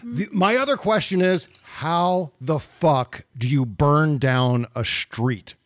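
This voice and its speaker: A man's voice: on the high side, takes it slowly, no echo. A man hosting a casual political podcast, sarcastic and swearing, laughing often. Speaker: podcast host.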